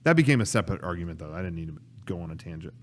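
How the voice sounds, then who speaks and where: Brief: male podcast host, chatty and rambling, lively rising and falling pitch. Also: rapid-fire. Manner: rambling, self-interrupting storyteller. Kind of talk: casual chat.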